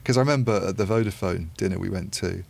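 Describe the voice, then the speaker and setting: A man's voice: deep voice, fast, vocal fry, a little mellow. A man talking through industry issues in a casual podcast discussion, thoughtful and rambling with many asides. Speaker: podcast panelist.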